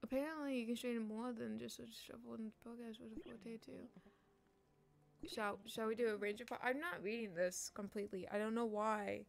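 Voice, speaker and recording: A woman's voice: fairly high pitch, steady tone, normal speed, vocal fry. A young woman streaming a cozy game, chatting casually and swearing, with sudden frustrated outbursts. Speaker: gaming streamer. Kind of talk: casual let's play commentary.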